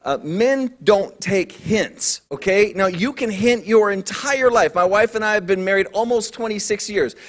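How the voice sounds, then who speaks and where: A male pastor in his forties preaching a sermon in an animated, jokey storytelling manner. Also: high-pitched, normal speed, hardly any pauses.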